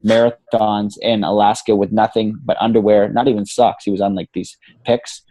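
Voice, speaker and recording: A man's voice: fairly low pitch, flat delivery, moderate pace, dark tone, a little hiss or hum. A man guesting on a podcast as a coach, talking casually and with animation, swearing freely and saying "man" and "you know" a lot. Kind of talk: casual interview talk.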